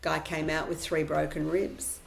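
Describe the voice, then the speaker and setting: Middle-aged woman journalist guest, lowish voice, candid and forthright. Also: level tone, unhurried, creaky. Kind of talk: podcast interview.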